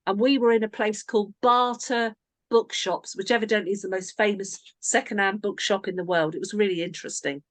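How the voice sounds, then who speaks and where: A woman's voice: medium pitch, steady tone, brisk, no room sound. Woman coach chatting to her team, rambly story with asides, dry room. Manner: chatty storyteller, self-interrupting. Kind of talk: casual coaching talk with a story.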